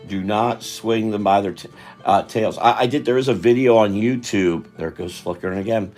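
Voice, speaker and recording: Drawing on a live stream, a tired older man rambles, breaks off his own sentences and keeps chatting. His voice sits on the low side and is a little mellow, at a normal speed, over faint background music.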